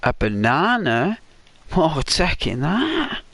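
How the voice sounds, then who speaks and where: Slow, gravelly-voiced Northern English man. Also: a little high, wildly swooping pitch, fairly bright tone, no room sound. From Northern England. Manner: slow, meandering, chatting to viewers. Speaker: gaming streamer. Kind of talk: relaxed live gameplay commentary.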